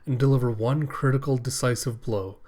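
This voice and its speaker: A man's voice: mid-range voice, steady tone, fairly quick, a little mellow, natural voice. A man voicing a tough, cocky young female cyborg fighter who sounds blunt, unimpressed and defiant.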